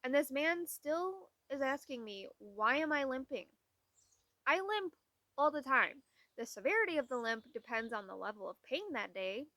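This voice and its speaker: A woman's voice: high voice, big pitch swings, moderate pace, a bit bright, no room sound. A young woman talking casually into the camera, telling candid, exasperated stories and acting out what others said. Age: young adult. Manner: candid, exasperated storytelling with quoted voices. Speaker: vlogger. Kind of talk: casual vlog talk.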